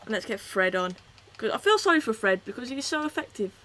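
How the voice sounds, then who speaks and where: A woman hosts a live stream of a football video game. Her voice is bright and forceful. She chats casually with her viewers and yells at the match when it turns exciting. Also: on the high side, a little fast. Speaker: gaming streamer. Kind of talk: live game commentary and chat reading.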